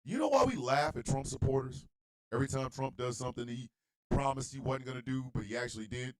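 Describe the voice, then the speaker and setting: A man hosting an internet radio show, delivering a blunt, profane monologue rant that swings between low muttering and shouting. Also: expressive, fast, rough recording.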